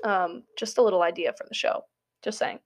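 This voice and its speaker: A woman's voice: mid-range voice, fairly quick. A young adult woman, a college student, talking through a casual spoken essay in a chatty, giggly way full of "like" fillers. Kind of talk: casual monologue.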